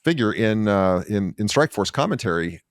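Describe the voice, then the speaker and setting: A man's voice: lowish voice, big pitch swings, normal speed, no echo, studio quality. Enthusiastic male podcast host. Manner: enthusiastic, long rambling questions. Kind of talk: casual interview.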